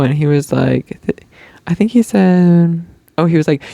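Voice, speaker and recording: A man's voice: fairly high pitch, unhurried, creaky, warm tone, no room sound. A young man hosting his own podcast, chatting casually and gushing about a concert, full of "like" and "um". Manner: gushing, chatty fan talk with many likes and ums. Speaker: podcast host. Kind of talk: casual storytelling chat.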